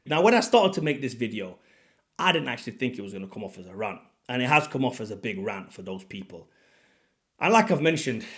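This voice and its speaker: A young man, a fitness coach, ranting to camera in a blunt, exasperated way, dropping to muttered asides and then bursting out loud. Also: on the high side. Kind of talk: impassioned rant to camera.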